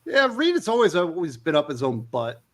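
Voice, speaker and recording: A relaxed, jokey man leading a casual comics panel. His voice sits a little high for a man. He keeps things light and moves the chat along. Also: brisk.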